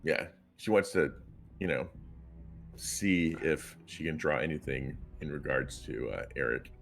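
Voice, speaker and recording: A man's voice: extremely low pitch, unhurried, vocal fry. A man playing a tabletop game, casually and hesitantly describing what his character does. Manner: hesitant, casual, many fillers. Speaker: player. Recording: music playing behind.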